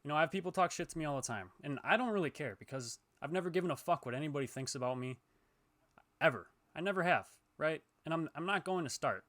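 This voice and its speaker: A man's voice: on the high side, expressive, fast talker. Profane, heated young man ranting. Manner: heated, profane, swings between yelling and muttering. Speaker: gaming YouTuber. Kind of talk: ranting to camera.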